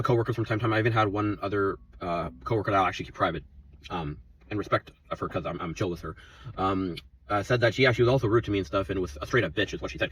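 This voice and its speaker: A man's voice: fairly low pitch, fairly bright tone, husky, far from the mic, low-quality recording. A man in his twenties telling an angry, profane story about his workplace, rambling and heated. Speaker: vlogger.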